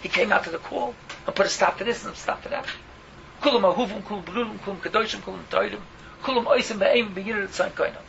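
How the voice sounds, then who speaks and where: A man's voice: high voice, quick pace, vocal fry, fairly bright tone, dull audio, slight background noise. A man preaching an impassioned sermon, pleading and fiery, weaving Yiddish and Hebrew words into his English.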